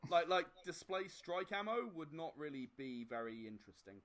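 A man narrating as game master in a tabletop game. His voice sits somewhat high and swings widely in pitch. He hesitates often with fillers, then bursts into animated description. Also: normal speed. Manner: hesitant, filler-heavy, with sudden animated outbursts.

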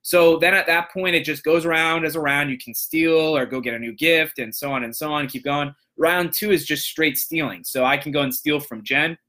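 A young man hosting a show, casually telling a long story and acting out the people in it with lively voices. His voice is bright and a little high for a man. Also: moderate pace, hardly any pauses. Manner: animated, acts out voices in quotes. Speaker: podcast host, motivational speaker.

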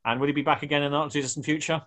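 A man's voice: on the high side, little pitch movement, very fast, a bit bright. A man hosting a radio show, chatting with guests and making jokey, rambling asides.

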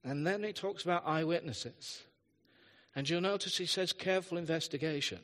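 A man delivers a sermon in a high, bright, forward voice. He slips easily into stories and self-deprecating jokes, talking to the congregation as if chatting. The recording carries a long reverb from a church hall. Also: moderate pace. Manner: chatty storytelling with asides and self-deprecating humor. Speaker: pastor. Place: church hall, live service.

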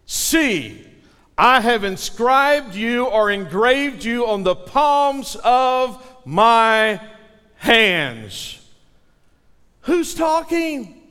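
A man's voice: very high-pitched, big pitch swings, extremely slow, pushed and bright, clean tone, in a large hall. A male pastor preaching a sermon with dramatic delivery, asking the congregation to repeat lines after him.

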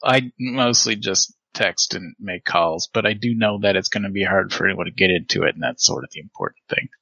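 A tabletop player with a low, gravelly voice talks briskly, chatting and narrating his character's actions between rambling asides. He sounds relaxed and tends to trail off, and the recording is dry and rough.

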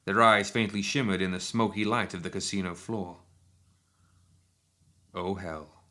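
A man narrating a written action story in a steady, measured storytelling manner. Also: on the low side. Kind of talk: scripted audiobook narration.

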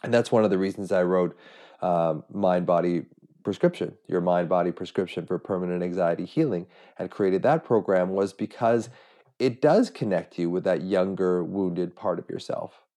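Middle-aged male podcast host, low mellow voice, earnest and reflective, has a cold. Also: normal speed. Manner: earnest, self-searching, frequent restarts. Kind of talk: reflective solo podcast monologue.

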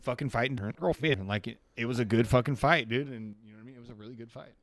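A man's voice: mid-range voice, racing, noisy background. A man on a podcast telling a rambling, profane story in casual slang. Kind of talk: casual chat. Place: podcast studio.

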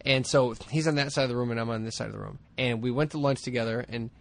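A man's voice: mid-range voice, quick pace, gravelly. A man co-hosting a casual podcast chat, jokey and rambling, often laughing. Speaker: podcast co-host.

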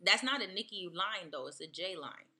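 Bright-voiced woman co-hosting a chat. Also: on the low side, expressive. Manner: playful, teasing, quick asides. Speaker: podcast co-host. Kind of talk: casual chat.

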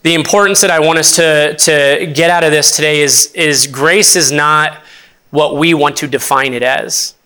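A young man delivers a church sermon in a bright, clear voice that sits a little high. He is earnest and unpolished, often stopping and restarting his sentences as he works his thoughts out aloud. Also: fairly even intonation. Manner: earnest, halting with many restarts and fillers. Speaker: associate pastor.

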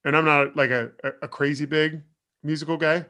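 A man co-hosting a podcast, reviewing a film in a relaxed, halting way with "uh" and "um". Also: on the high side. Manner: relaxed, hesitant with "uh" and "um". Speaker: podcast co-host. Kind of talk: casual review chat.

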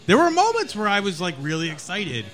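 A man's voice: sits high, wildly swooping pitch, fairly quick, a bit bright. A young man on a podcast who makes dry jokes and often restarts his sentences. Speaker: podcast panelist. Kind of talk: casual podcast chat.

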